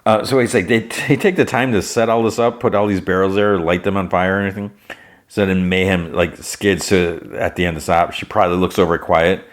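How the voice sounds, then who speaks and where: A man with a deep, low voice talks through a show's plot in a loose, casual podcast style. He rambles, leans on filler words and often restarts his sentences. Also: fairly even intonation, a little fast. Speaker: podcast host.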